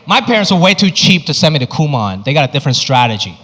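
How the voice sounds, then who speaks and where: Male stand-up comic, high-pitched, punchy anecdotal delivery, reverberant noisy venue. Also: big pitch swings, quick pace, fairly bright tone. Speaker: stand-up comedian. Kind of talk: stand-up comedy storytelling. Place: comedy stage. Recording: reverberant venue with background noise.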